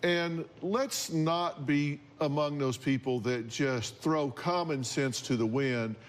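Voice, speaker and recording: A man hosting a talk show, questioning guests bluntly and with exasperation, slowing down to lecture. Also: fairly high pitch.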